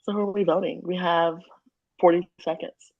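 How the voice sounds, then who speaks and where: A woman with a lowish voice banters on a video call as a game contestant. She fires off quick, teasing questions, and her sound is dry and close with no room echo. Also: steady tone, lo-fi sound. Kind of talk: casual video-call chat.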